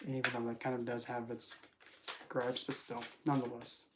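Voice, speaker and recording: A casual tarot vlogger with a mid-pitched voice who rambles through readings. The delivery is chatty and full of jokes and self-corrections. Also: flat delivery, a little fast, background noise. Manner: rambling, joking, self-interrupting. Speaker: tarot reader.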